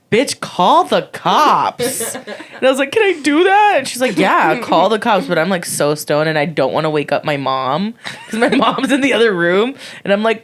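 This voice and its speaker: A woman in her twenties co-hosting a podcast, telling a story casually, swearing freely and acting out quotes in a high voice. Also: normal speed. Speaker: podcast co-host.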